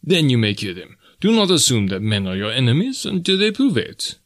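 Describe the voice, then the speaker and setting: A man voicing an excitable French naval officer who speaks in raised, emphatic exclamations. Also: mid-range voice, brisk, dry recording, studio quality, pitched above the performer's own voice. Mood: earnest.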